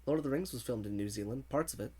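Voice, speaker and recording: A man's voice: mid-range voice, quick pace, darkish tone, breathy edge. A man streaming a video game, chatting casually, reading viewer messages aloud and laughing often. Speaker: gaming streamer. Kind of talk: casual livestream commentary.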